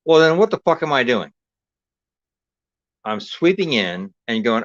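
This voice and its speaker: A man's voice: mid-range voice, big pitch swings, measured pace, pauses often, fairly bright tone, no echo. A man ranting in heated, profane casual chat as a podcast host, often stumbling and restarting his sentences. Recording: dull, dry lo-fi recording.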